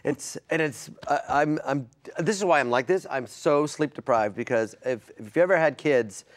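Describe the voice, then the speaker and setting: A man, a comedian and voice actor, chatting as a TV show guest, animated and joking. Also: a little high, normal speed. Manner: animated, keeps slipping into character voices. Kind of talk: casual chat show interview.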